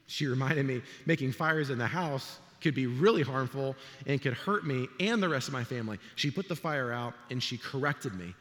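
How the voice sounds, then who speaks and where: A middle-aged pastor preaches a sermon in a church sanctuary, his mid-range voice moving at normal speed with few pauses and a big-room sound. He tells stories in an animated way, acting out the voices.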